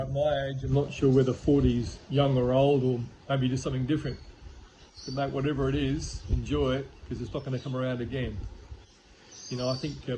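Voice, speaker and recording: An older man, a former boss, giving a relaxed, reflective birthday message with fillers. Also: medium pitch, a little hiss or hum, rough recording.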